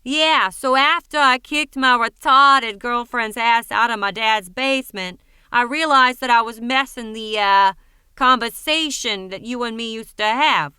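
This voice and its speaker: A woman voicing a dim-witted young man with a high, nasal voice and a thick New England accent, drawling and halting on fillers in an audiobook reading. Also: bright, forceful tone, clean tone, no echo. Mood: mocking.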